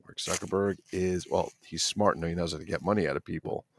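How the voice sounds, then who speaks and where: A man's voice: sits low, steady tone, a little fast, no echo, studio quality. A middle-aged man hosting a casual toy-collector livestream, rambling and swearing while he reads the chat.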